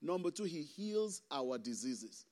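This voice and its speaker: A man, a pastor preaching a sermon with impassioned swings between loud emphasis and hushed asides. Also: a little high, very animated, measured pace. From Nigeria.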